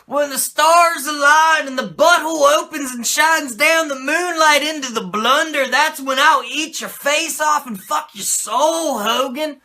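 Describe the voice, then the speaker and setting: A man putting on a ranting occult male wrestling villain who makes grandiose, shouted threats. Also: extremely high pitch, measured pace, few pauses, voice pushed up, heavily acted. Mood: menacing rant.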